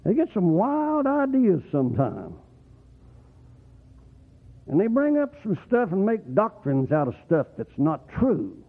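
A man preaching a rambling, folksy sermon, often swooping up into excited whoops. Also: high voice, a little slow, pauses often, breathy edge. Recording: tinny phone-like radio broadcast.

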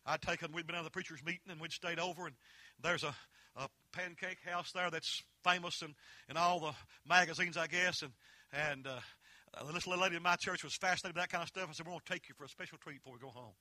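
A man preaching a fervent holiness sermon, mixing folksy storytelling with loud emphatic peaks. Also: on the high side, fairly even intonation, quick pace, few pauses, no echo.

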